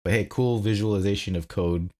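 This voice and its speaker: A man co-hosting a podcast in casual film chat, with deadpan sarcasm and stumbling restarts. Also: lowish voice, brisk. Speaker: podcast co-host. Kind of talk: casual movie review chat.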